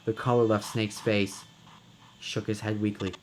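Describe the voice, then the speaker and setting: A man's voice: fairly low pitch, little pitch movement, normal speed, a little hiss or hum. A man reading a visual novel aloud dramatically, now and then stumbling over words. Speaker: game reader and narrator.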